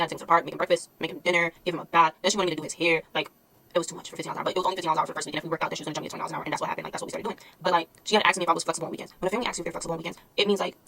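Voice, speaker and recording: A woman's voice: on the low side, fairly bright tone. A young woman, telling a blunt, exasperated storytime in a casual vlog, swearing freely. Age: early 20s. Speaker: vlogger.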